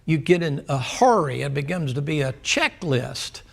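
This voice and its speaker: Man preacher, gravelly, slightly raised pitch, folksy storyteller who quizzes his class. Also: lively intonation, normal speed. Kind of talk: Sunday school sermon.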